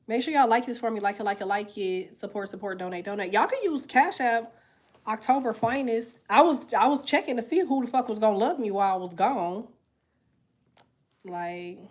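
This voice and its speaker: A young woman reads tarot on a livestream and talks straight to her viewers in a blunt, profane, easygoing way. Her voice sits at a medium pitch and sounds a little congested from a sinus infection. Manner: blunt, profane, chatty, reads comments aloud. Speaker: tarot reader. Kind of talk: casual livestream chat.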